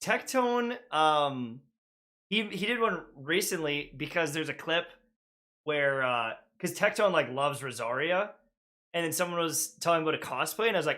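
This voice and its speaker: A man's voice: a little high, normal speed, sharp tone. A young man co-hosting a gaming podcast, telling rambling, self-mocking stories in casual chat. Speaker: podcast co-host.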